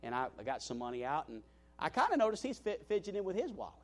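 High-voiced, animated male pastor. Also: fast talker. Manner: animated, self-deprecating, frequent restarts and "you know". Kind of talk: sermon storytelling.

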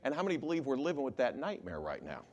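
A man's voice: medium pitch, quick pace, highs cut off. A man who preaches as an attorney, often polling his listeners with "how many believe" questions. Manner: animated, asks the crowd show-of-hands questions. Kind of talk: sermon to a congregation.

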